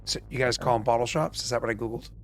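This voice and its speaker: Animated New England man telling stories. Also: mid-range voice, rapid-fire. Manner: animated storyteller, swears, acts out quotes. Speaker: game master and stream host. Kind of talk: casual chat on a live stream.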